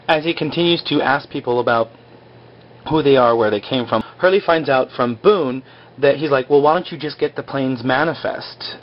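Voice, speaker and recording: A man's voice: mid-range voice, lo-fi sound, a little hiss or hum. Rambling man recapping an episode. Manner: rambling, full of "like" and "you know".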